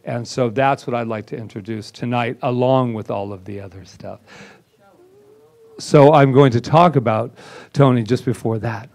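A man's voice: medium pitch, moderate pace, a little mellow. A man, a reverend, telling a personal story to his congregation in a theatrical, self-mocking way, acting out quoted lines. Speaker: reverend presenting at a spiritual center. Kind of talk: animated storytelling talk.

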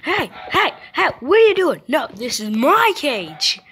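A woman's voice: sits high, sing-song, a little slow, a bit bright, a little hiss or hum, voice pushed up, exaggerated voice. A woman voicing her pet dog as a pushy, indignant male dog guarding his cage. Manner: yappy, indignant.

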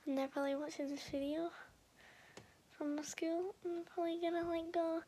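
A young woman talks straight to the camera in a loose, rambling vlog. Her voice sits high, and she turns defiant and mock-tough as she goes. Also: steady tone, a little fast, mellow. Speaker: vlogger. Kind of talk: casual chat to camera.

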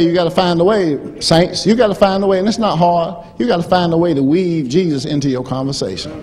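A man preaching a sermon in church, swinging from fervent shouting to quiet storytelling. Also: medium pitch, slightly rough. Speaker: pastor.

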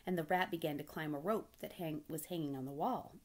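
A woman narrating a children's storybook aloud in an expressive storyteller manner. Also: low voice, brisk. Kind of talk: children's audiobook reading.

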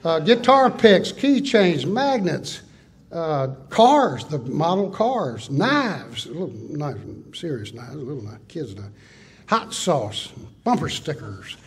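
An older man with a drawl tells stories at a conference, with folksy, animated delivery. His voice is a little husky and sits somewhat high for a man. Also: slow. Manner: folksy, animated storytelling with list-like riffs. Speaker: conference speaker. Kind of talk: conference talk. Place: conference hall.

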